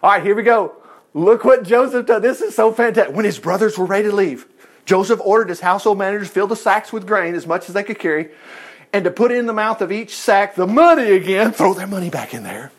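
A man preaching and retelling a Bible story in a playful, animated way, laughing often and acting out the characters' lines. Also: high-pitched, quick pace. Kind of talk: sermon-style Bible storytelling.

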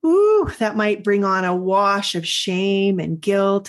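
A middle-aged woman hosting a podcast, telling an earnest personal story in a reflective, confessional way and slowing down to stress her points. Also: mid-range voice, lively intonation. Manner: earnest, confessional, slows for emphasis. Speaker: podcast host and coach.

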